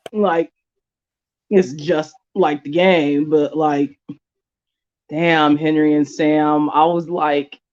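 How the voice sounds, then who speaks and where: A podcast co-host talking through an episode in a slow, emotional, reflective way. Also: mid-range voice, a little mellow. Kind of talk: casual review chat. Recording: dull lo-fi sound.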